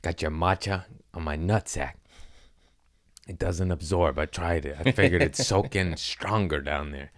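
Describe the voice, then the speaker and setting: A man's voice: low-pitched, unhurried. A man hosting a comedy podcast, rambling through crude jokes in a casual monologue, giggling often and slipping into silly voices.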